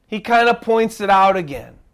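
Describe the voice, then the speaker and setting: A man preaching a sermon as pastor, emphatic, dropping to a hush and rising to near shouts. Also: sits high, animated, normal speed.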